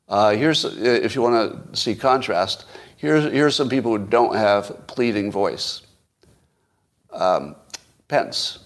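A man hosting a solo podcast, giving casual, opinionated political commentary with frequent restarts. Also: medium pitch. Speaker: podcast host.

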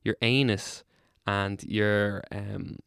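A man's voice: fairly low pitch, steady tone, extremely slow, vocal fry, a bit bright, smooth, dry recording, studio quality. A young man with an Irish accent telling a long hospital story in casual chat, rambling, swearing freely, and laughing through it.

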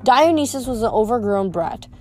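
A woman's voice: on the high side, animated, normal speed, a little mellow, faint music behind. Woman reading a novel aloud, stumbling. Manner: unpolished reading with frequent slips and restarts. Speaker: reader.

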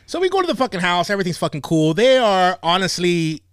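Animated high-voiced man telling stories. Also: quick pace, smooth, dry recording, studio quality. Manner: animated, swears a lot, laughs often. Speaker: podcast host. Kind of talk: casual profane storytelling.

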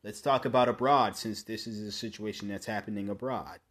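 A man hosting his own podcast, speaking in a blunt, opinionated monologue that often restarts mid-sentence and rises into forceful bursts. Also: lowish voice, fairly even intonation, a little fast. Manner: conversational with frequent restarts. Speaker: podcast host.

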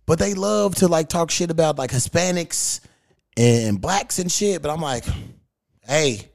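A man's voice: fairly high pitch, lively intonation, a little slow, gravelly, no echo, clean studio sound. A man hosting a podcast in casual chat, talking bluntly and profanely. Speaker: podcast host.

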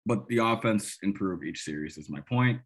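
Husky low-voiced man ranting about football. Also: expressive, moderate pace. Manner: rambling, emphatic, restarts a lot; opinionated and sarcastic. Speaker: sports podcast host. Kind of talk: casual solo football analysis.

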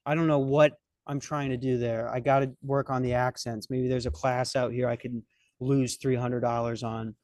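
A man's voice: medium pitch, flat delivery, normal speed, darkish tone, dry recording. A young man hosting a podcast, telling a comic story in a rambling, profane, self-mocking way. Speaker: podcast host. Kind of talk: comedic storytelling chat.

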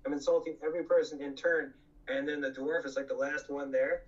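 A man's voice: a little high, level tone, fairly quick. A man who fronted a punk band tells rambling, profane stories in casual conversation, laughing often and filling his talk with "like" and "you know.". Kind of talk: casual anecdotal storytelling. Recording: slightly distant, dull lo-fi mic.

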